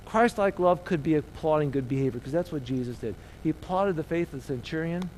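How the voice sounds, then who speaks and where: A man's voice: on the high side, expressive, a little fast, a little hiss or hum, poor audio. Dynamic middle-aged male preacher. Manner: dynamic preaching, swings between loud emphasis and soft near-whispers. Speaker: pastor. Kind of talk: sermon.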